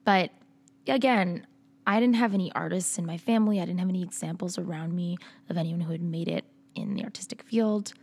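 A woman's voice: lowish voice, a little fast, a little mellow, slightly rough. A woman from Massachusetts, a musician guest, talking casually and telling her story in a podcast interview. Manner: chatty, laughs often, storytelling.

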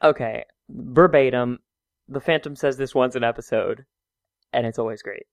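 A man's voice: medium pitch, moderate pace, no room sound. A man co-hosting a casual chat podcast, joking, rambling and laughing often. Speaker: podcast co-host.

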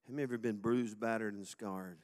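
A man preaching a sermon to a congregation, swinging from loud, fast exhortation to soft, slow reflection and calling on the crowd to repeat phrases. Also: fairly low pitch, steady tone. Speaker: pastor. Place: church sanctuary before a congregation.

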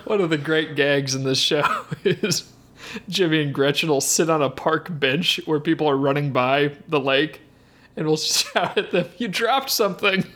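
A man's voice: fairly high pitch, steady tone, unhurried, a bit bright. A man hosting a comedy podcast, upbeat and laughing often. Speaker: podcast host.

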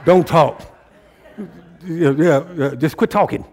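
A man preaching a sermon in a call-and-response style, often climbing into loud exhortation. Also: fairly high pitch, slow. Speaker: pastor.

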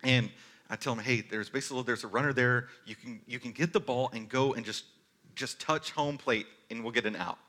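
Bright-voiced male pastor preaching earnestly. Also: mid-range voice, normal speed. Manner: earnest storytelling, varies loudness from forceful to hushed. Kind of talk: sermon.

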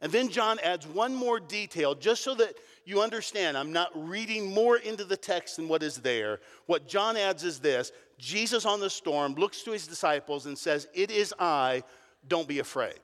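A middle-aged pastor preaching with animated, emphatic delivery. His voice sits a touch high for a man, and it rings out with a long hall reverb in a church sanctuary. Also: normal speed, few pauses. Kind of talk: sermon.

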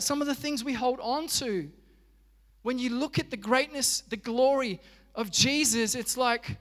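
High-voiced pastor preaching. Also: male voice, measured pace, a bit bright, in a large hall. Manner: conversational, acts out quoted dialogue. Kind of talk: sermon.

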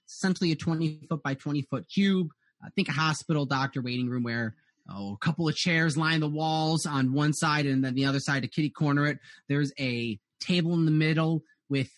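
A man with a fairly high voice runs a tabletop game, rambling through his scene descriptions with constant fillers and restarts. His close mic catches a dry, deadened sound. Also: no room sound. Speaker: game master.

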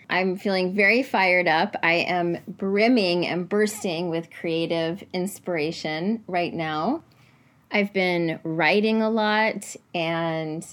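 A woman hosting her own podcast, talking in an earnest, reflective way with soft pauses. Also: fairly low pitch. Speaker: podcast host. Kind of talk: casual solo podcast talk; scripted podcast intro.

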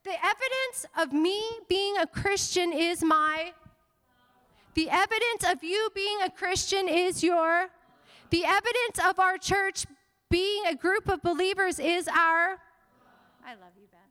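A woman pastor preaching a sermon to a congregation, animated and playful, with teasing asides. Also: very high-pitched, unhurried, in a large hall. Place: church sanctuary.

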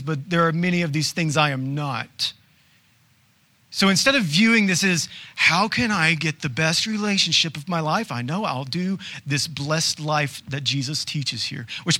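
A male pastor preaching a sermon in a conversational way, asking rhetorical questions and tossing in quick asides. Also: on the high side, pushed and bright.

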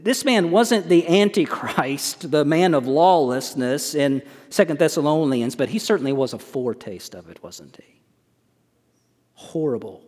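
In a church sanctuary, a pastor with a medium-pitched, slightly mellow voice delivers an emphatic sermon, posing rhetorical questions to the congregation. The hall's reverb is long.

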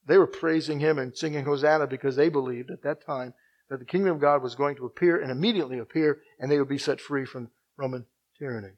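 A man delivers a sermon, moving between quiet, slow stretches and loud, forceful ones while repeating phrases to drive points home. His voice is medium in pitch, and the audio sounds dull.

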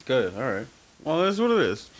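A man co-hosting a podcast, chatting casually, teasing his partner and laughing often, now and then jumping into a falsetto. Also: wildly swooping pitch, normal speed. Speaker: podcast co-host. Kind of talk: casual banter.

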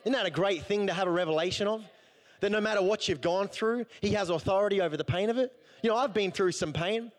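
A man's voice: high voice, fast. A man preaching a sermon, telling a personal story in a conversational, humorous way. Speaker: pastor.

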